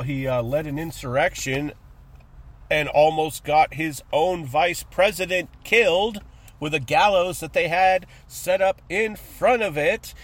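A man hosting a casual podcast, ranting sarcastically and with lots of profanity. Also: high-pitched. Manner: profane, sarcastic, acts out mocking voices. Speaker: podcast host.

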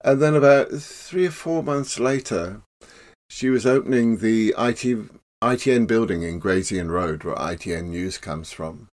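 An older man, a professional clown telling stories in a relaxed interview. He laughs often and acts out the voices in his tales. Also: lowish voice, moderate pace. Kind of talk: casual storytelling interview.

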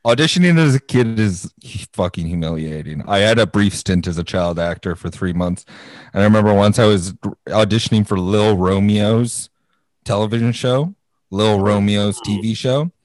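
A man in his late twenties chats on a podcast, telling stories against himself and laughing often. His voice sits a little low. It is recorded close and dry, with no room sound. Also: moderate pace, darkish tone, no room sound. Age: 20s. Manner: laughing, self-deprecating storyteller. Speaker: podcast co-host. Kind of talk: casual chat.

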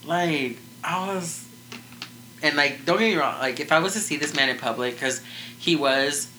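A man's voice: on the high side, normal speed, pushed and bright, slight background noise, poor audio. A man co-hosting a casual true-crime podcast, rambling through the story with lots of "like" and restarts. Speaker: podcast co-host.

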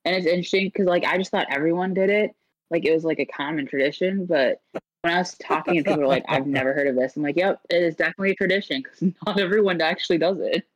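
A woman's voice: deep voice, fast, dry recording. A woman co-hosting a casual holiday podcast chat, explaining things at length in an amused, chatty way. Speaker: podcast co-host. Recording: dull lo-fi mic.

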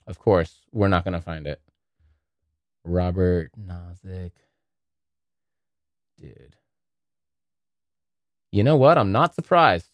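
A man's voice: low-pitched, no echo, clean studio sound. A man hosting a podcast, rambling through a casual monologue full of profanity. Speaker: podcast host.

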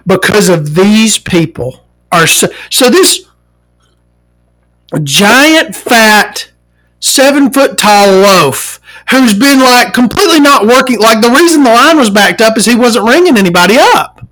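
In his forties, this vlogger rants his way through a storytime, exasperated and swearing nonstop while mimicking the people involved. His pitch swings wildly, leaping high in outrage and dropping low for asides, with lively intonation at an unhurried pace. The voice is a bit bright, and the recording is low quality.

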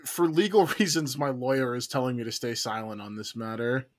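A man's voice: medium pitch, fairly quick. A man hosting a casual comics podcast with friends, playful and mock-grandiose. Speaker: podcast host. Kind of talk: casual comedic podcast chat.

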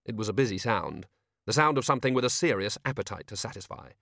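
A man reading a novel aloud as an audiobook narrator, wry and expressive. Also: on the low side, fast, vocal fry, dry recording, studio quality. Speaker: audiobook reader.

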